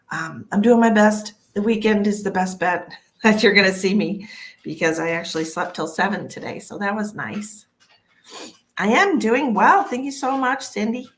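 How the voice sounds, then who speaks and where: A tired woman with a lowish, gravelly voice hosts a casual psychic livestream from home, worn out from early work hours. She's chatty, greets viewers by name, and swears freely. The room sounds echoey.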